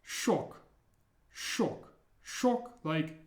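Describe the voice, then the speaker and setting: A man teaching the sounds of an alphabet, repeating each one slowly and clearly, with playful memory tricks. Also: fairly high pitch, very animated, reverberant. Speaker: language teacher. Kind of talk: slow, deliberate pronunciation lesson.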